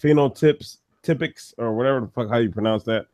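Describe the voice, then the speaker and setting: A man's voice: mid-range voice, brisk, a little mellow. A man in a casual group chat, blunt and profane, dismissive in tone.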